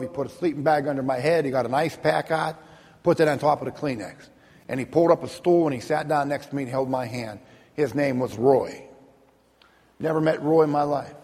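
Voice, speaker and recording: A man, a minister, telling his personal testimony in an earnest, vivid storytelling manner, slowing down for emphasis. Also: on the high side, a little mellow, in a large hall.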